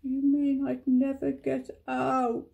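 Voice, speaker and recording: Pooh, a granny voicing a plaintive little bear. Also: female voice, sits high, monotone, slow, creaky, mellow, exaggerated voice. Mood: anxious. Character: gentle, greedy, muddled young male bear.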